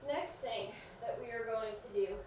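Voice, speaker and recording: A woman's voice: fairly high pitch, moderate pace. Chatty, encouraging female fitness coach counting reps on a live stream, slightly sleepy; roomy echo, distant mic, faint background noise. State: sleepy, yawning. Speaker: fitness instructor. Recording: echoey room, voice far from mic, faint noise.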